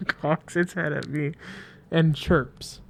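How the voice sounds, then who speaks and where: A man giving excitable, chatty commentary as he plays a game and reads its text aloud. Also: on the high side, slow, gravelly, a little hiss or hum. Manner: excitable, chatty, exclaims loudly. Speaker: gaming streamer.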